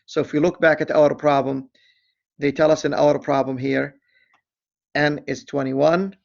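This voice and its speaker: Male teacher, slightly high and gravelly, deliberate lecture delivery with self-corrections, lo-fi recording. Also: level tone, a little mellow. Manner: deliberate, reads problem aloud, self-correcting asides. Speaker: statistics teacher. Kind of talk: screen-recorded lecture walkthrough.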